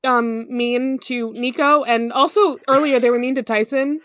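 A woman with a high voice chats casually on a podcast, giggling often and filling pauses with ums. The sound is dry and close, with no room echo. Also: steady tone, a bit bright. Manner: giggly, playful, many fillers. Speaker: podcast co-host.

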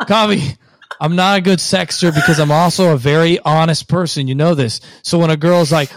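A man's voice: fairly high pitch, fairly even intonation, brisk, dry recording. A man chatting casually as a co-host, crude and blunt, often laughing at himself. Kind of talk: casual chat.

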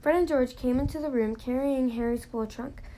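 A woman's voice: high voice, normal speed, dark tone, poor audio. A woman reading a novel aloud in a plain manner, now and then slipping and restarting a phrase. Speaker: reader.

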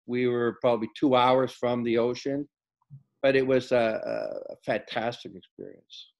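A man's voice: medium pitch, little pitch movement, moderate pace. Male coach, conversational storyteller, voices the other people in his anecdotes. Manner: tells stories by acting out quoted dialogue. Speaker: basketball coach. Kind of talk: casual storytelling interview.

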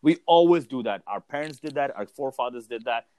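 A man's voice: mid-range voice, a little fast. A man telling stories in casual chat, acting out the people he quotes. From North America. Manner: storytelling, lively, acts out quoted people.

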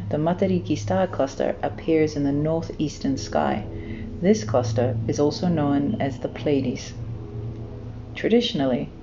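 A woman from New Zealand narrating a children's story and explaining a festival, in a gentle, unhurried way, in a dull lo-fi recording. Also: sits low, noisy background. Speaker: storyteller, podcast host.

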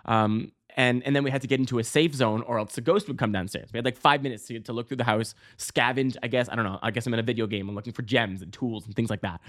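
Male podcast host, mid-pitched, rambling casual storyteller, swears freely, yelps high when acting out scenes. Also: fast talker, few pauses, fairly bright tone. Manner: rambling, many fillers and restarts, swearing.

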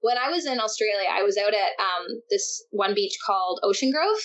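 A young woman guest on an interview, telling surf stories in a lively, animated way with frequent laughs. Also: medium pitch, normal speed. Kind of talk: casual interview chat. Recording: dull lo-fi sound.

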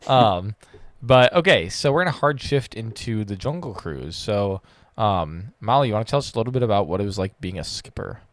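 A young man hosts a podcast in a loose, joking way. His voice is low but swings up and down with energy. The sound is dry and close. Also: animated, normal speed, no echo. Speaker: podcast host. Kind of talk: casual podcast chat.

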